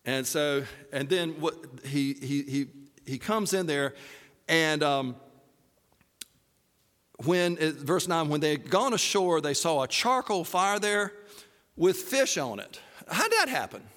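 High-voiced preacher telling jokey stories. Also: male voice, slow, long reverb tail. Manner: animated, jokey storytelling with put-on voices. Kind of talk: sermon.

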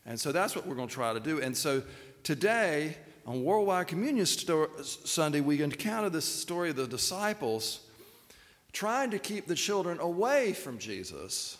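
A man's voice: on the high side, very animated, moderate pace, a bit bright, long reverb tail. A man preaching a sermon in a loose, conversational way, with fillers and restarts. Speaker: pastor.

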